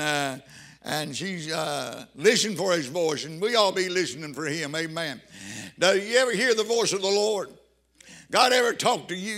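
An older man, preaching a fervent sermon as pastor and rising into shouted praise. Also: high voice.

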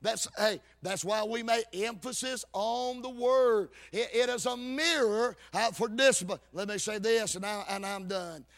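A man preaching a fervent sermon, his lines rising into half-sung, shouted peaks. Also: high-pitched, measured pace, hardly any pauses.

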